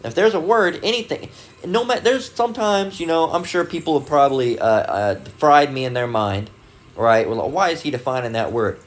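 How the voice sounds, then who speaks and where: A man's voice: fairly high pitch, moderate pace. A man giving a casual, rambling Bible teaching talk, full of fillers and restarts, and reading dictionary definitions aloud. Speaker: religious video host.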